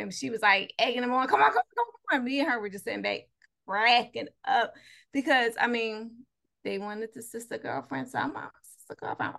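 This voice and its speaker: A woman's voice: fairly high pitch, vocal fry, bright, forceful tone. A woman co-hosting a podcast over a video call, telling candid, laughing stories. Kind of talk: casual chat.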